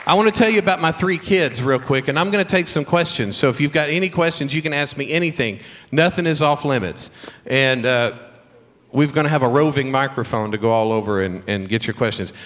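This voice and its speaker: A man's voice: mid-range voice, a little fast. A middle-aged man with a Southern accent giving a chapel talk to students, telling stories with humor and encouragement. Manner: warm storytelling with humor and faith encouragement. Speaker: guest speaker at a school chapel. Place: school chapel. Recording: long hall reverb.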